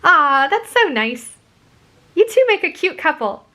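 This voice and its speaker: A woman's voice: high-pitched, very animated, a little slow, bright, forceful tone, voice pushed up, full character voice. A woman voicing a cheerful, bubbly teenage girl who encourages her friend, in a whispered role-play. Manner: bubbly and upbeat.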